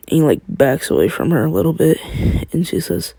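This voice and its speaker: A man's voice: fairly high pitch, lively intonation, moderate pace, creaky, hardly any pauses, warm tone, breathy edge, no echo. A man casually narrating a fan-made story, rambling with slangy asides and wandering off on tangents.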